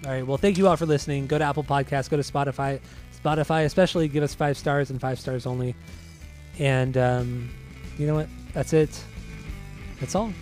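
A man's voice: medium pitch, fairly even intonation, brisk, darkish tone, soft background music. A man hosting a podcast in casual chat, teasing his co-host and laughing easily. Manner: easygoing, teasing, laughs often.

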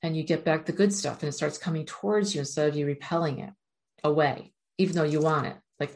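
A woman with a low, deep-set voice speaks straight to her viewers in an earnest, encouraging motivational talk. She addresses them directly and keeps urging them on. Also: steady tone, fast, a little mellow. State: near tears at moments. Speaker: self-help speaker.

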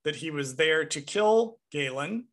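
Bright, animated man recapping a movie. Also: on the high side, a little slow. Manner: animated and enthusiastic, swears casually. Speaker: podcast co-host. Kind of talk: casual movie recap chat.

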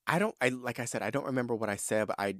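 A young adult man from San Diego hosting a podcast, telling personal stories in a casual, animated, profane and sassy way, talking straight to his listeners. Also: mid-range voice, brisk, dry recording, clean studio sound. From San Diego, California. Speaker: podcast host. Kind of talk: casual solo storytelling.

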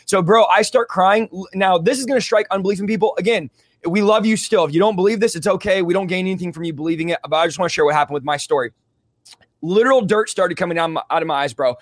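Fast-talking high-voiced man, fervent. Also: dry recording. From California. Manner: fervent, rapid, casual slang like "bro" and "dude". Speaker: guest telling his testimony. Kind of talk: conversational interview storytelling.

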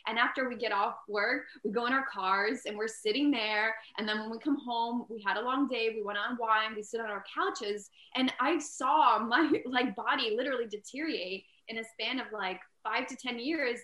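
A woman with a fairly high voice speaks at normal speed and barely pauses, interviewed as an entrepreneur and inventor. She talks earnestly and casually, dropping plenty of "like" fillers, and grows loud and emphatic. The room sounds echoey.

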